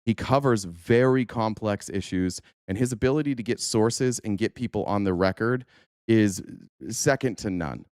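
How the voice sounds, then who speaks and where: A man's voice: on the low side, normal speed, a little mellow, dry recording, studio quality. A man hosting a livestream, reacting in casual, rambling commentary with swearing, laughter and many fillers. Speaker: livestream host.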